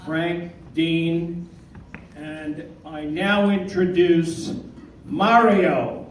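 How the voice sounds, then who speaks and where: Slow high-voiced comedy club emcee. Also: male voice, fairly even intonation. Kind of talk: stand-up comedy and introductions. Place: small comedy club stage. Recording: echoey room, distant mic, audible noise.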